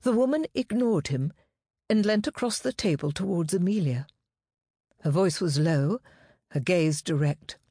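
A woman narrating a novel in an even, measured reading voice. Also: fairly low pitch, breathy edge, no echo, studio quality. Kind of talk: scripted audiobook narration.

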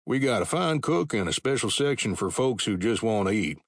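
A man's voice: on the low side, animated, a little fast, no echo, studio quality. Folksy frontier barkeep, male narrator doing the voice, talkative and a bit raised. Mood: friendly. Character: wary middle-aged male saloon bartender.

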